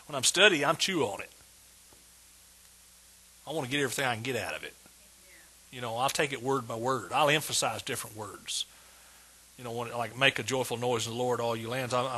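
A man preaching a sermon as pastor, emphatic and repetitive, building words into shouts of praise. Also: medium pitch, husky. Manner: emphatic preaching, repeats words with rising intensity.

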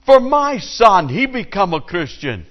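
A man's voice: high-pitched, big pitch swings, a little slow, dull audio, voice pushed up. A man voicing a worried, embarrassed father in a joke told from the pulpit. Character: worried male father, anxious everyman.

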